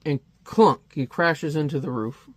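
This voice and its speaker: A man's voice: on the high side, measured pace, no echo. A man casually reviewing a comic, chatty and wry, with many fillers.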